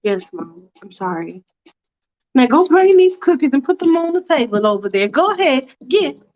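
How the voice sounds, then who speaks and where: A woman's voice: high-pitched, sing-song, normal speed, a little mellow, muffled recording. A woman voicing a firm, scolding church-going mother. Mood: stern.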